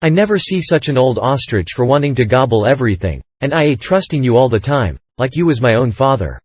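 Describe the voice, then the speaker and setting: A man's voice: mid-range voice, sing-song, fairly quick, darkish tone, no room sound. A man reading aloud, voicing an angry, bossy male con-man duke who scolds sharply. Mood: scolding.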